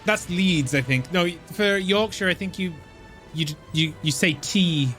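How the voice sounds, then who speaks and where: Rambling English man with a slightly high voice. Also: unhurried, a bit bright, faint music behind. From southern England. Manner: rambling, hesitant, lots of restarts and self-corrections. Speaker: gaming streamer. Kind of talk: casual chat while playing a game.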